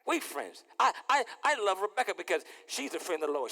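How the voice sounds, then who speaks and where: Animated pastor with a gravelly voice. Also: male voice, sits high, fast, hardly any pauses, long reverb tail. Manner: animated, playful, repeats words, acts out dialogue. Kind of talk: lively sermon with acted-out scenes. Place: church sanctuary.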